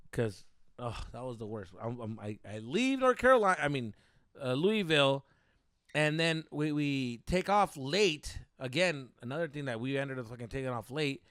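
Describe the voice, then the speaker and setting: Young man, podcast co-host, dry close sound, swearing, rambling, animated. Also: mid-range voice, moderate pace, smooth, no echo. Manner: profane, animated, rambling with many fillers. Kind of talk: casual storytelling chat.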